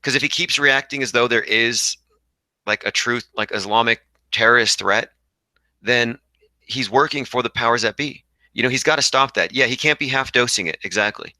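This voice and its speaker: A man's voice: mid-range voice, bright, forceful tone, no echo, rough recording. A young man hosting a casual livestream, reading viewer comments aloud and rambling combatively. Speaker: livestream host reading chat.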